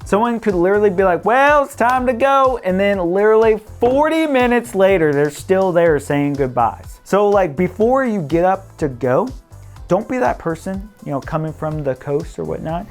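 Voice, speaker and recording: A man's voice: high voice, expressive, moderate pace, darkish tone, faint music behind. A man from the Midwest, a real estate broker talking casually to camera, playful and chatty, often laughing and acting out what people say.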